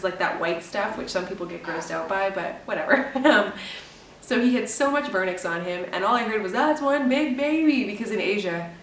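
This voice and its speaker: A woman's voice: medium pitch, a bit bright. Young woman vlogging, rambly and emotional, kinda far from the mic, echoey room. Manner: rambling and emotional, laughing often. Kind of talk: casual chat. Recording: roomy echo, a bit off-mic, faint hum.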